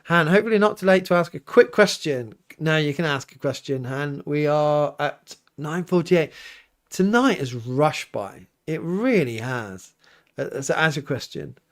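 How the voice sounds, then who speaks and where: Easygoing priest hosting a livestream, fairly high voice. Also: male voice, lively intonation, unhurried. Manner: reads out viewer comments and chats back; easygoing, laughs often. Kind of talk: casual livestream chat. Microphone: livestream mic.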